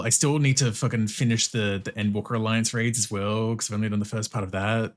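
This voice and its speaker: A man's voice: fairly low pitch, fairly even intonation, a little fast, hardly any pauses. A man streaming a video game, chatting casually, swearing often, laughing and greeting viewers in chat. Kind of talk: casual commentary while playing.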